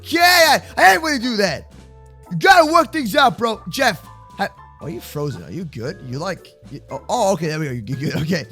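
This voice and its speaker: A man talking excitedly and loudly with lots of slang while roleplaying through a video game. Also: high-pitched, normal speed, faint music behind. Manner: excitable, loud, slangy, often exclaiming. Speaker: YouTube gamer roleplaying in Minecraft. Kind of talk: energetic gaming roleplay chat.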